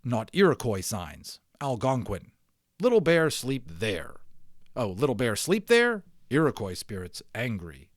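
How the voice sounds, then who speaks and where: Brief: man doing a stern, terse miniature warrior come to life in a storybook, speaking in clipped broken phrases, lively pitch. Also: a little slow, no room sound, studio quality.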